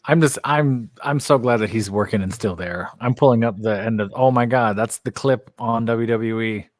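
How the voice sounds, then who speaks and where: A man co-hosting a live wrestling podcast, reacting in casual chat with quick questions and exclamations. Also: medium pitch, no echo, clean studio sound. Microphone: streaming microphone, remote setup.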